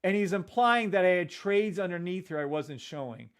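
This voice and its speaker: Man, live trading stream host, excitable, profane, loud then muttering, greets chat by name, slightly high voice. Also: normal speed, clean tone. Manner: excitable, profane, swings between shouting and muttering; addresses chat viewers by name.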